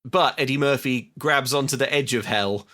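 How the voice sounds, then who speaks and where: A man's voice: mid-range voice, normal speed, sharp tone. A man co-hosting a podcast, retelling a film's plot eagerly in casual talk and laughing often. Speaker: podcast co-host. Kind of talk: casual comedic film chat.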